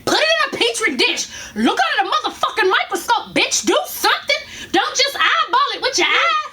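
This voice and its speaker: A woman vlogger telling a story casually, animated and profane, laughing often as she goes. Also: extremely high pitch, fairly quick.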